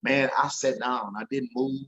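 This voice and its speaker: A man's voice: medium pitch, fairly even intonation, moderate pace, a bit bright, muffled recording. A man telling an emotional story as an interview guest, earnest and repeating himself when moved.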